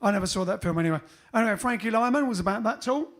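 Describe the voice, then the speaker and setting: A man's voice: high-pitched, expressive, very fast. A man hosting a band livestream, chatting casually between songs with rambling, joking asides.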